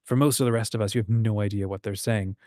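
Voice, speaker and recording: Man hosting a relaxed writing chat. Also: lowish voice, fast talker, no echo, clean studio sound. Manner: reads out chat comments, frequent ums and restarts. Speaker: host. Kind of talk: casual livestream chat on writing.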